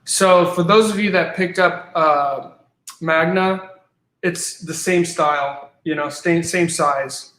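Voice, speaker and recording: A man's voice: a little high, takes it slowly, a bit bright, reverberant. A man, a guest creator, eagerly explaining his work in casual interview chat, often repeating words as he goes.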